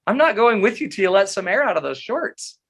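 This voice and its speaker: A man's voice: sits high, big pitch swings, fairly quick, fairly bright tone, husky, pitched above the performer's own voice, exaggerated voice. A man voicing his exasperated wife, who scolds him bluntly and mocks him. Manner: blunt, mocking.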